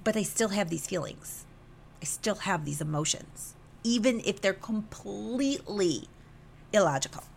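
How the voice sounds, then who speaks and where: In a personal podcast monologue, a young female host pours out an emotional story, cursing freely and acting out what was said. Her mid-range voice carries vocal fry and moves a little slowly. A faint hiss or hum sits under the recording.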